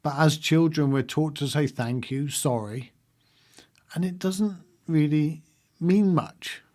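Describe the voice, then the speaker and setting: A man's voice: on the high side, slow, warm tone. A man hosting a livestream, talking casually and reflectively to his viewers and laughing often. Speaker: livestream host.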